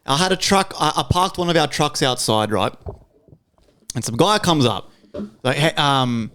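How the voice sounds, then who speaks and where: A man's voice: fairly high pitch, normal speed. An Australian man co-hosting a podcast, telling stories in casual chat, swearing freely and checking in with "right?". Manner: animated storyteller, swears freely, tags lines with "right?". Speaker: podcast co-host.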